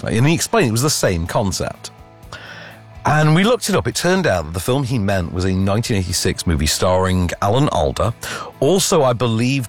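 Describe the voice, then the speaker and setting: A man chatting casually about films, lively and full of fillers and restarts. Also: fairly low pitch. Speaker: film reviewer. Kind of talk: casual film review chat.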